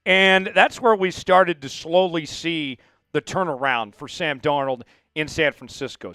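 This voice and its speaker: Energetic man hosting a sports show. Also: a little high, vocal fry, clear, resonant tone, no echo. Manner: energetic, hyped delivery with frequent asides to viewers. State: voice cracking, coughing fits. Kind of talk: live sports talk show.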